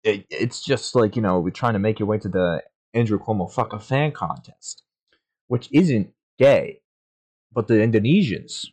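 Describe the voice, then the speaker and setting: A young man co-hosting a podcast, telling an absurd story in a halting, deadpan way. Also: fairly low pitch. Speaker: podcast co-host.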